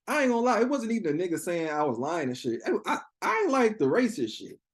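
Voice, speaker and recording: Animated young man, lively pitch. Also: quick pace. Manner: animated, profane, laughs often, acts out quotes in a high voice. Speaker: interview guest. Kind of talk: casual storytelling interview.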